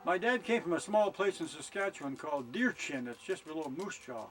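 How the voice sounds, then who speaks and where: A man's voice: a little high, big pitch swings, a bit bright, faint music behind, poor audio. An older man telling rambling, folksy jokes outdoors at a summer campsite, filmed on a camcorder held by his wife. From Canada. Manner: rambling, unhurried delivery with frequent uh fillers.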